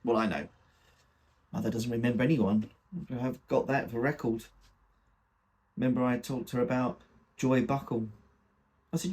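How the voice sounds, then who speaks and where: A man's voice: medium pitch, steady tone, moderate pace, pauses often, darkish tone, slightly rough. A man reading a comic dramatic monologue in the first person, with a wry, gossipy delivery. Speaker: reader.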